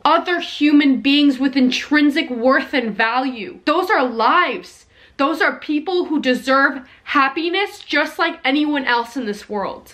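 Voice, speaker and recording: A woman's voice: high-pitched, fairly bright tone. A young woman giving heated reaction commentary from her basement, talking with lots of "like" fillers. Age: young adult. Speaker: commentary YouTuber. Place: home basement.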